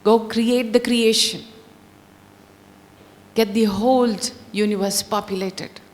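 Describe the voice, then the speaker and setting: A woman voicing a calm male god giving slow, hushed commands. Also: fairly high pitch. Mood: commanding. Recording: long hall reverb.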